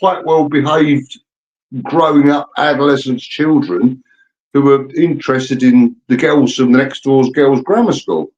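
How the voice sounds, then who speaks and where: A man's voice: mid-range voice, a little slow, highs cut off. A man, telling old stories in a casual chat and acting out the voices in them. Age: 50s. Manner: animated, acts out voices in anecdotes.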